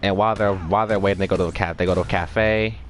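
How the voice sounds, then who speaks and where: Man, low voice, casual rambling story recap, many restarts, faint background noise. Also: steady tone, very fast. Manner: rambling, restarts often, acts out characters' lines.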